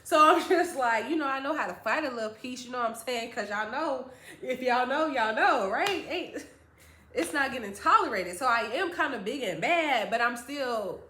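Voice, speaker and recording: A high-voiced woman telling a storytime to her viewers, animated and slangy, often calling out to them directly. Her voice rings with a roomy echo. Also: normal speed, a little hiss or hum. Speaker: vlogger. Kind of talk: casual storytime.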